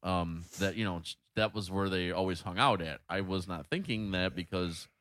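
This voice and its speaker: Swearing freely, a middle-aged podcast host animatedly plays both parts of a dialogue while telling a story in a casual chat. He speaks low-pitched at a moderate pace, and the recording is dry and studio quality.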